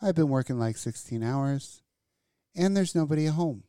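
A woman co-hosting a podcast, telling a story in a casual, animated and profane way. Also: sits low, moderate pace, clean tone, no echo, clean studio sound. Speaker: podcast co-host. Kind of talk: casual chat.

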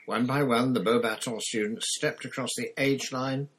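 A man reading a novel aloud in steady, measured scripted narration. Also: mid-range voice, husky, poor audio. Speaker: audiobook reader.

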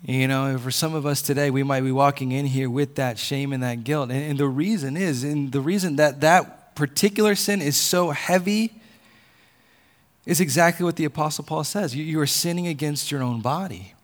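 A man's voice: on the high side, normal speed. A man preaching a sermon in an earnest tone, often repeating phrases. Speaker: pastor.

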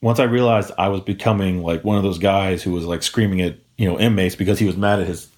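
A young man with a deep voice and quick pace co-hosts a podcast, where he relates a long, easygoing story. It's an animated, profane retelling packed with swearing and quoted voices.

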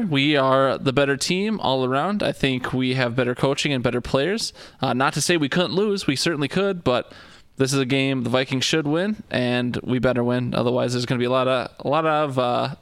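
Smooth-voiced man talking football. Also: medium pitch, a bit bright, dry recording. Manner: chatty, self-deprecating, rambling with fillers. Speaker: podcast co-host. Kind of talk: casual sports chat.

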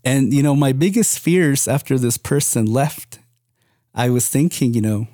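A man's voice: mid-range voice, expressive, a little slow, mellow, no echo, clean studio sound. A young man telling a personal story casually, rambling with many fillers. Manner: rambling, many "you know" and "kind of" fillers.

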